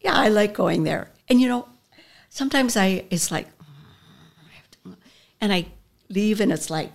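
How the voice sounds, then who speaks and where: Chatty older woman with a gravelly edge. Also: mid-range voice, lively intonation, a little slow. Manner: warm, chatty, laughs often. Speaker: guest. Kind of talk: casual conversation.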